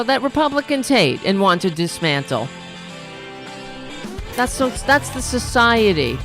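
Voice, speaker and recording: Slow, gravelly woman hosting a livestream. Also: fairly low pitch, a bit bright. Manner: casual, meandering, with many fillers and restarts. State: losing her voice. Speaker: host of a political livestream show. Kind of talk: rambling political commentary.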